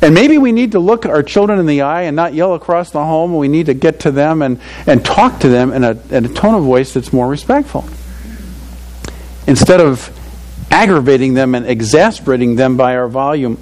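A man's voice: a little high, moderate pace, darkish tone, rough recording. An older man preaching a sermon to fathers in a conversational, earnest way, often saying "you know" and chuckling at his own stories. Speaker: pastor.

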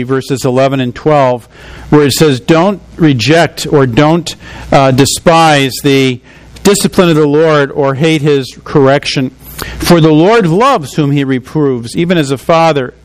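A man's voice: mid-range voice, a little hiss or hum, poor audio. A man preaching a sermon in a conversational way, often asking his listeners rhetorical questions.

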